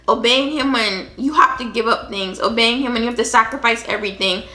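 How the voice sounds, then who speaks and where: Woman faith podcast host, earnest and reflective, bright and a bit high, echoey room. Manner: earnest and reflective, with frequent restarts. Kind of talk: Bible reading with personal commentary. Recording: echoey room with faint music.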